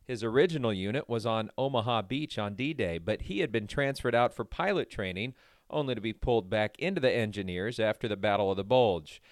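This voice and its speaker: A man hosting a radio show, reading a scripted introduction in an earnest, steady way. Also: fairly low pitch, a little fast, no echo, clean studio sound.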